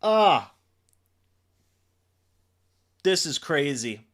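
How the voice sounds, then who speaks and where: A man hosting a live football reaction stream for his chat, excitable and swinging between loud disbelief and deflated muttering. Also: fairly high pitch, slow pace. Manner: talks to chat. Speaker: fan livestream host. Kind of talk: live game reaction commentary.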